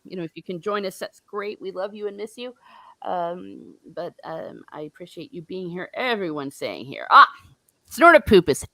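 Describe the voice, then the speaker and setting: A woman's voice: fairly low pitch, big pitch swings, normal speed, bright, forceful tone, no room sound. A woman hosting a casual book discussion livestream, chatty and laughing at herself. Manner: chatty, laughing, self-mocking. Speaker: host.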